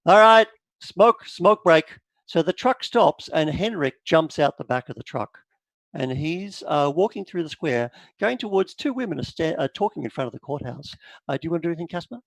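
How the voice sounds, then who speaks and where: A man's voice: a little high, moderate pace, gravelly, dry recording. A man narrating as game master of a tabletop horror game, with lots of uh and like. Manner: animated storyteller, with many fillers.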